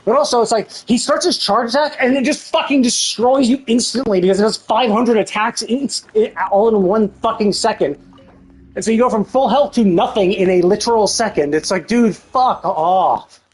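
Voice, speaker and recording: Husky woman ranting over a game. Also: a little high, moderate pace, a little mellow. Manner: profane, exasperated ranting. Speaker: streamer. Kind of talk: live gameplay commentary.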